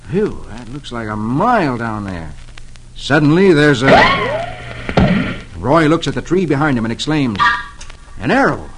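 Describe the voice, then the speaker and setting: A man's voice: a little high, huge pitch swings, unhurried, pauses often, very noisy. A man hosting an old-time radio comic reading, telling the story in a playful, storytelling way. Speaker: host reading the Sunday comics.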